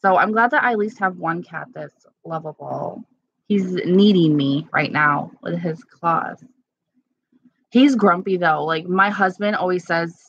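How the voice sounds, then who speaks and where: A woman chatting casually with live-stream viewers at home, candid and quick to laugh. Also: on the low side, dry recording. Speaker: livestream host. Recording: slightly dull lo-fi sound.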